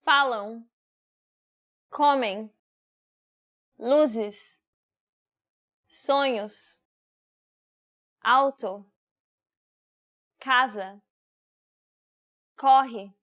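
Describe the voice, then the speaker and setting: A woman modeling single words in a slow pronunciation drill, careful and deliberate. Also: a little high, fairly bright tone. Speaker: native speaker model.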